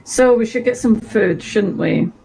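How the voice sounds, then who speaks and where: A woman's voice: medium pitch, measured pace, creaky, warm tone, breathy edge, rough recording. A woman role-playing in a video game, playful and giggly.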